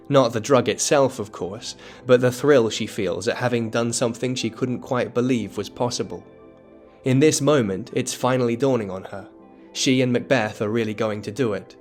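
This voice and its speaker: A man giving scripted educational narration that explains a play, in a measured, dramatic storytelling tone. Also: mid-range voice. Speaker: literature explainer.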